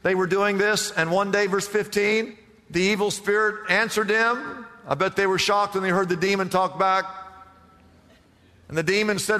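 Preacher guy, sharp bright voice, really emphatic, lots of long echo like a big church. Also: high voice, steady tone, normal speed. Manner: emphatic, asks rhetorical questions. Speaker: pastor. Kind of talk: sermon.

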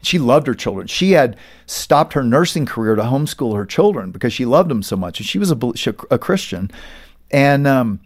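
A man's voice: mid-range voice, a little fast. A middle-aged man, a pastor and author, telling stories as a guest in an interview, acting out the quoted voices. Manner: animated storyteller, acts out quoted voices. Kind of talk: storytelling interview talk.

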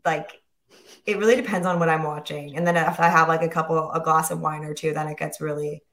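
A woman's voice: low voice, flat delivery, a little fast, fairly bright tone. A woman co-hosting a podcast who chats in a playful, self-mocking way. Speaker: podcast co-host. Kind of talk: casual podcast chat.

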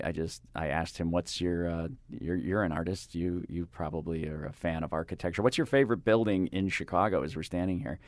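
Through a studio microphone with no room sound, this man's deep voice carries a casual radio studio chat. He rambles and self-corrects while telling stories, imitating voices in his anecdotes.

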